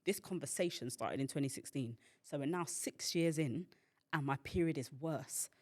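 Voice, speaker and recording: A woman's voice: low-pitched, normal speed, darkish tone. A woman hosting a podcast, telling a personal story in a chatty way, full of fillers and acted-out quotes. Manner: chatty, filler-heavy, acts out quoted voices. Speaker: podcast host and founder.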